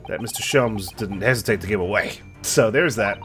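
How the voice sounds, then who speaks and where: Animated young man playing a game. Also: medium pitch, fairly quick. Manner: animated, reacts and jokes between read lines. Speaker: gaming channel host. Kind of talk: let's play commentary reading dialogue aloud. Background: faint game music.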